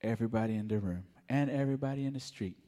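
A man giving a mellow, soft-spoken personal testimony at church. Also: mid-range voice, rapid-fire, big-room sound. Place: church sanctuary.

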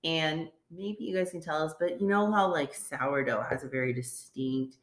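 A woman co-hosting a casual podcast chat, joking around and tasting wine, sitting back from the mic. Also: moderate pace. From Canada. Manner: jokey, playful, breaks into put-on squeaky voices. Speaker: podcast co-host. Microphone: sits away from the mic. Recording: echoey room.

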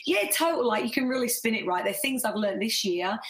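A woman's voice: on the high side, expressive, fairly quick. A woman hosting a live online group, chatty and effusive as she thanks her viewers and reads out their comments. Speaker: business coach hosting a live group session. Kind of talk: casual live stream sign-off.

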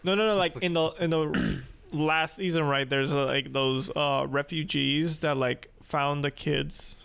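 A man's voice: fairly high pitch, fairly even intonation, a little slow, vocal fry, a bit bright, smooth. A young man in casual chat, hesitant, with many fillers.

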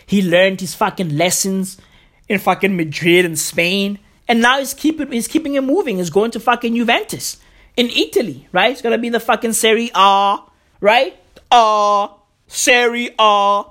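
A woman's voice: medium pitch, moderate pace, a bit bright. A woman ranting comedically in loose, profane slang, full of fillers and restarts.

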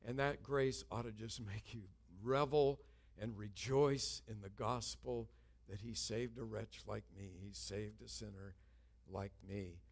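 A man's voice: on the low side, steady tone, a little slow, creaky. Older man preaching an earnest sermon. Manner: earnest preaching with humorous asides. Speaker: pastor.

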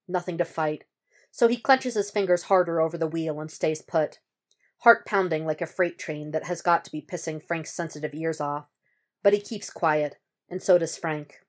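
A woman reading a piece of fan fiction aloud as an audiobook, at a steady, measured pace. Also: sits low. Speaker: podfic reader.

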